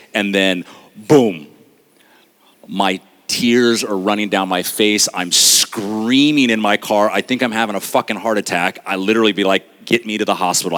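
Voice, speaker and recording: Deep-voiced man telling a confessional story. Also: fairly bright tone. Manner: earnest, confessional, with dramatic pauses. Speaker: speaker. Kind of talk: personal storytelling talk. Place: stage at a live talk event.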